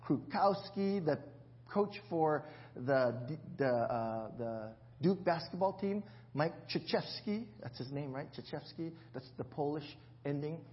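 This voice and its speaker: A man's voice: a little high, muffled recording. A male pastor giving a conversational sermon, asking the congregation questions and joking about himself. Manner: jokes and laughs at himself. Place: church.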